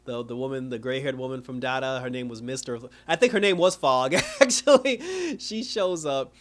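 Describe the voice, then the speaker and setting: A TV show reviewer recaps an episode loosely and ramblingly, his street-style talk full of slang and filler, and he laughs often along the way. His voice is medium in pitch and animated, at a moderate pace.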